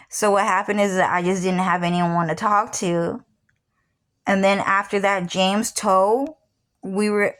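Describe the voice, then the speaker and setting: A woman's voice: fairly low pitch, fairly bright tone. A woman in her thirties telling a personal story in a casual, rambling way, often repeating herself and swearing. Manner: rambling, repeats "what happened is", swears freely. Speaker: vlogger.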